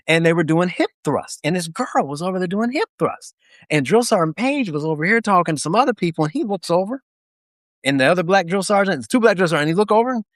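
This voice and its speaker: A man's voice: sits high, dry recording. A man co-hosting a casual chat, an army veteran telling stories and acting out voices, laughing often.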